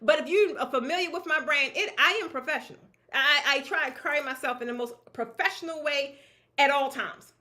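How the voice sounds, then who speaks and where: A woman with a high voice talks briskly to a crowd of peers about running her draping business. Her talk is casual and lively, colloquial and emphatic, and she laughs often.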